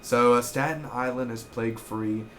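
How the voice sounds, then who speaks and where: A young man rambles excitedly through a TV episode recap, swearing freely and chasing tangents. His voice sits at an ordinary male pitch, with a faint noise underneath. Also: normal speed. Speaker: TV episode reviewer. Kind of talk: casual recap.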